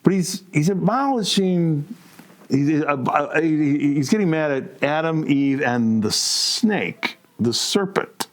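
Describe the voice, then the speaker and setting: Animated provocative male podcast co-host. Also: a little high, slow pace. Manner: animated, provocative, rhetorical questions, addresses listeners as folks. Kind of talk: casual opinionated monologue.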